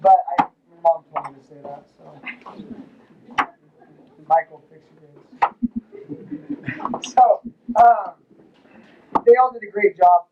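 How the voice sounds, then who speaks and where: A man, a high school wrestling coach, giving a casual, rambling, joking awards speech at a banquet in a lodge hall. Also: highs cut off, a little hiss or hum.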